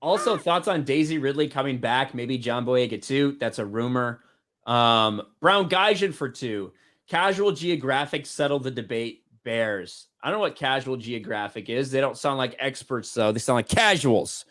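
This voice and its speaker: A man's voice: mid-range voice, animated, normal speed, a bit bright, no room sound, clean studio sound. A man co-hosting a casual livestream, reading out viewer donations and swearing offhandedly. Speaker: livestream co-host reading superchats.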